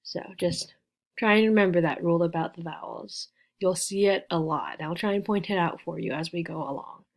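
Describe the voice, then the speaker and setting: A woman's voice: fairly low pitch, normal speed, vocal fry. A woman in her twenties teaching beginner English, patiently spelling out sounds and repeating each word. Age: 20s. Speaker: ESL teacher. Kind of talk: slow beginner English lesson.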